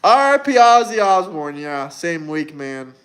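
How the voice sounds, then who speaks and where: With big pitch swings and a slightly slow delivery, a livestream host in his twenties taunts and provokes his chat in a brash, mocking tone. His voice is on the high side and a bit bright.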